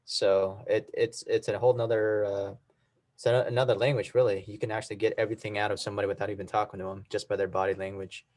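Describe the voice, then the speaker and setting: A man in a training session answering and asking questions hesitantly, with many fillers and a near-monotone delivery. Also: on the low side, quick pace. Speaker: trainee agent. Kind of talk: group discussion.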